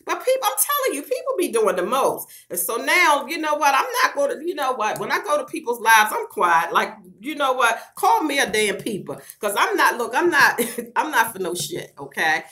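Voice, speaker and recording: Middle-aged woman venting to her viewers, brassy and a bit high, cusses and laughs a lot. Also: sing-song, moderate pace, pushed and bright. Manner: frank, profane and laughing, talks straight to viewers as "girl". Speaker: vlogger. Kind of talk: casual chat to camera.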